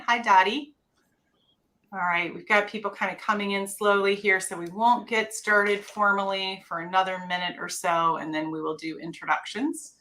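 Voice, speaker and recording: A woman's voice: medium pitch, pushed and bright. A middle-aged woman from North Carolina hosting a live stream, upbeat and greeting viewers by name in casual chat.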